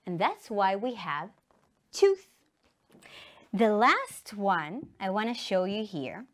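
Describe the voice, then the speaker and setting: A woman's voice: mid-range voice, takes it slowly. A woman with an Israeli accent teaching English to young children on television, singing letters and having them repeat sentences. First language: Hebrew. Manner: animated, sings letters and has children repeat. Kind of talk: televised primary-school English lesson.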